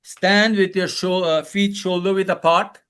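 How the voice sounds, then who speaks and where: A man coaching a live webinar, loud and playful, calling out repeated commands and leading laughter exercises over a video call. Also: high voice, fairly even intonation, unhurried, clean tone. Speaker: wellness coach, webinar speaker.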